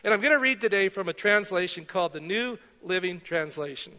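A middle-aged pastor from Canada delivers a relaxed, conversational sermon with a high, bright, forceful voice. He tells anecdotes and pokes fun at his own slips. His voice rings out with the long reverb of a church hall. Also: a little fast. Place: church sanctuary.

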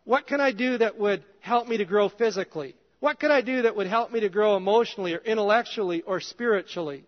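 A male pastor preaching a conversational sermon in a church, his voice dropping soft and low at times. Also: fast. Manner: conversational, drops soft and low in quoted prayers. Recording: dull reverberant hall sound.

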